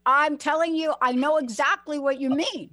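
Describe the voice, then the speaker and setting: A woman's voice: sits high, fairly even intonation, normal speed, pushed and bright, no room sound. A woman from the Bronx hosting an interview, reflecting and encouraging her guest to open up. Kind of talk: conversational interview.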